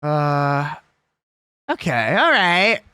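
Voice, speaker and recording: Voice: medium pitch, sing-song, extremely slow, sharp tone, clear, resonant tone, no echo, clean studio sound. A young adult live streamer chatting casually and with strong opinions while reading a list aloud.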